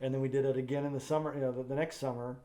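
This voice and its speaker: A man in casual podcast chat, recalling his early filmmaking in a relaxed, rambling way. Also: mid-range voice, racing. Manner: relaxed and rambling, many fillers.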